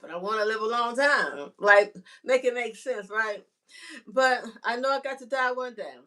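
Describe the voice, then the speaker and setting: A woman's voice: on the high side, normal speed, pushed and bright. Woman rambling to her viewers about god and life, chatty, lots of "you know" and "right?". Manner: homespun, chatty, addresses viewer directly. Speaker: vlogger. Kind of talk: casual faith musing to viewers.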